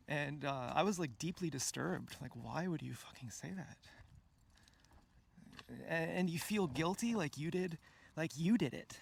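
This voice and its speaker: Creaky-voiced man rambling to camera. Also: on the high side, a little slow, slight background noise. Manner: meandering, stream-of-consciousness, frequent fillers; swears casually. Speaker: vlogger. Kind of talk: rambling personal monologue.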